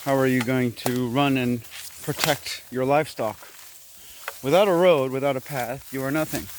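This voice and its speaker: A man's voice: medium pitch, moderate pace, noisy background. Man rambling through his overgrown garden. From Korea. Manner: rambling, musing asides; talks while chewing. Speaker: vlogger clearing a fruit garden. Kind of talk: casual walk-and-talk vlog. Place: outdoors in an overgrown tropical garden.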